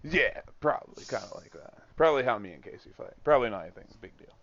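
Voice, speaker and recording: A man's voice: mid-range voice, animated, quick pace, fairly bright tone, dull audio. A man co-hosting a casual podcast, venting about work with lots of swearing and laughter. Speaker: podcast co-host. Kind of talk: casual chat.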